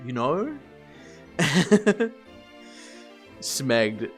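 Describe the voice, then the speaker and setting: A man streaming live, rambling through animated work stories to his chat, swearing and laughing as he goes. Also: medium pitch, normal speed, faint music behind.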